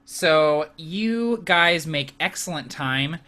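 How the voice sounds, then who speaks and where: A man runs a tabletop game, narrating loosely with plenty of ums and uhs. His voice sits a bit high and sounds bright. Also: expressive, slow pace, smooth. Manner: loose narration with many fillers. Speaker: game master.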